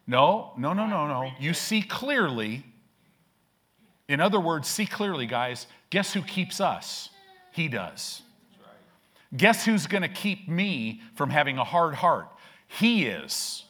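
A man preaching a fervent sermon in a church, building to loud, emphatic peaks. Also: a little high, sing-song, slow pace. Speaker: pastor. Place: church sanctuary.

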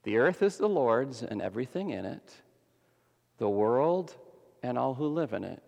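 A man preaching a sermon as pastor, dramatic, swinging between loud emphasis and hushed softness. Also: medium pitch, very animated, a little slow, gravelly. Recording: long hall reverb.

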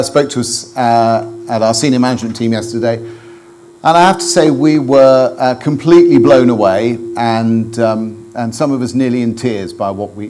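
A man's voice: mid-range voice, darkish tone. Hesitant man addressing a conference. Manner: hesitant, many fillers and restarts. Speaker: mission organisation leader speaking at a conference.

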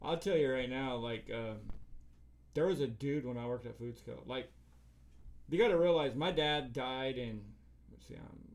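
A medium-pitched man speaks at normal speed. He's a middle-aged podcast co-host in casual chat, telling a long, foul-mouthed, rambling story full of filler and performing other people's lines.

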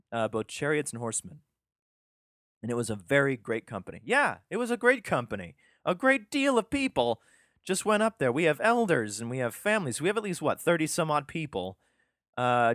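A man's voice: medium pitch, a bit bright, no echo, studio quality. A man reading scripture aloud and breaking off into irreverent, profane commentary in a casual, offhand way. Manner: irreverent, profane asides, sarcastic; yawning, drowsy.

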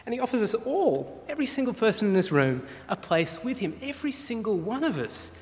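An earnest man preaching a sermon, his voice sitting a touch high and swinging widely in pitch. He pauses often with small fillers as he explains a point. The sound carries a long reverb, as in a large hall. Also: very animated.

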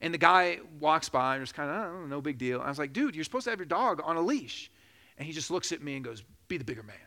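Man, pastor, sermon, high voice, bright tone, jokes and laughs, slows down for emphasis. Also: expressive. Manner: preaching with rising emphasis, slowing for key phrases; jokes and laughs during a personal story.

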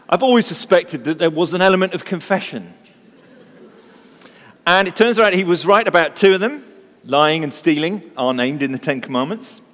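A man's voice: high voice, a bit bright, in a large hall. A man preaching a sermon, telling stories with humor and asking the congregation rhetorical questions.

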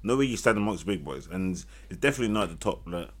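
Man, low voice, quick, heated, repetitive, football chat. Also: lively intonation. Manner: heated, ranting, repeats himself. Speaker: podcast co-host.

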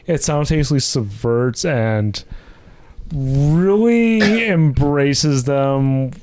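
A man gives his thoughts on a movie slowly and with pauses. His pitch rises and falls widely, and faint noise sits under the recording. He laughs between thoughts. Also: expressive, darkish tone. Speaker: podcast co-host. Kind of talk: casual movie review chat.

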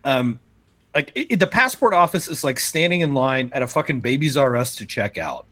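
Animated man telling a story. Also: mid-range voice, a little fast, no echo. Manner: animated storyteller, acts out quoted people, swears freely. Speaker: podcast co-host. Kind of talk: casual chat.

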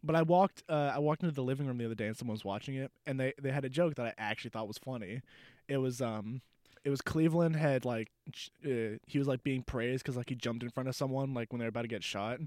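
A young man with a mid-pitched voice hosting a casual podcast chat. He jokes and teases with quick asides, and the recording is dry and close. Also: a little mellow, no echo. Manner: joking and teasing, with quick asides. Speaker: podcast host.

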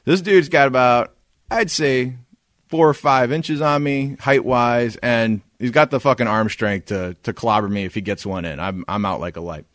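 Speaking at a moderate pace in a mid-range voice, this man co-hosts a podcast and spins a story in casual conversation. The studio audio is clean and dry, and he's profane and lively, performing quoted lines as he goes.

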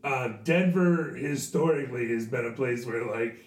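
A hoarse man with a craggy, sore throat hosts a podcast, swearing and telling stories in a casual chat. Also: medium pitch, moderate pace, few pauses. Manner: animated, swearing, storytelling. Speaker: podcast host and teacher. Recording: echoey room, distant mic.

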